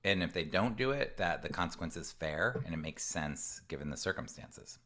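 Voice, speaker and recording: A man's voice: low voice, animated, normal speed, bright, forceful tone. A man coaching parents in an online presentation, earnest and conversational, now and then acting out what a parent or child might say. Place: home room with a door.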